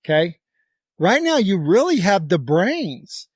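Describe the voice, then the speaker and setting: Man, Oklahoma accent, casual podcast talk, rambling and emphatic, a bit high-pitched, dry close mic. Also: sing-song, slow, husky, no room sound. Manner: rambling, emphatic, stretches words for effect. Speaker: podcast co-host. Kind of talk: casual chat.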